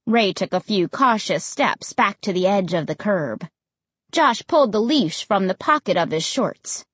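Slow, breathy woman narrating a story. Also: medium pitch, no room sound. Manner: expressive, lively reading. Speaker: audiobook narrator. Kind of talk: scripted narration of a children's story.

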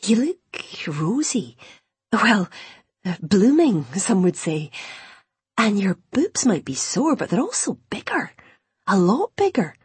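A woman voicing a warm, excitable, middle-aged mother, with a husky voice. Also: mid-range voice, slow pace, pauses often, no room sound, pitched above the performer's own voice, full character voice. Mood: fussing, eager.

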